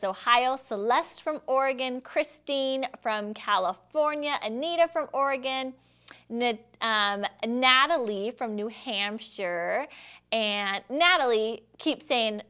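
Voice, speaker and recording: A woman's voice: on the high side, a bit bright, smooth. A woman hosting a casual live stream, chatty and self-deprecating, laughing often between lines. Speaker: live show host.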